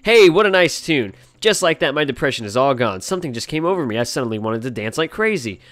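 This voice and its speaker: A man reading out the lines of a gruff, moody male rock-eating chief from a video game, in a raised voice. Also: medium pitch, sing-song, quick pace, a bit bright, no echo. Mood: cheerful. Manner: reads game text aloud in a raised voice.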